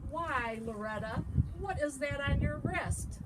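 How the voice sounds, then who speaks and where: A woman's voice: high-pitched, lively intonation, slow pace, recorded from a distance, pitched above the performer's own voice. A woman voicing a fretful mother in a storybook who fusses and exclaims over her daughter. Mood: fussing. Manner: exclaiming, fussing. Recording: loud background noise.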